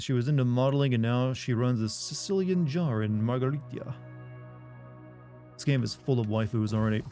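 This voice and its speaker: A man's voice: mid-range voice, expressive, normal speed, warm tone, faint music behind. A man streaming a video game live, joking wryly and reading the game's text aloud.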